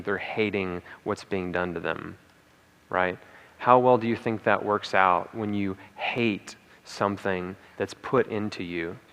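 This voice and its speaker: A man's voice: on the low side, fairly bright tone. Man speaking in a reverberant hall. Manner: emphatic, repeats key lines, frequent "okay?" and "right?" asides. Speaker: speaker at a conference. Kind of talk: motivational talk to an audience.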